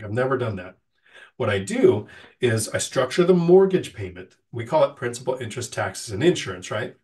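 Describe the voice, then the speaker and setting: Recorded from a distance, a medium-pitched man runs a laid-back livestream Q&A. He still sounds slightly nasal from a cold he's recovering from, and he reads viewers' questions before giving long, straightforward answers.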